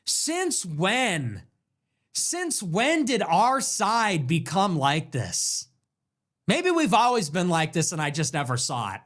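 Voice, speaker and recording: A man's voice: high voice, wildly swooping pitch, takes it slowly, fairly bright tone. A young man hosting his own livestream, ranting and joking sarcastically about the news. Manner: mocking, joking, rants. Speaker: political streamer host.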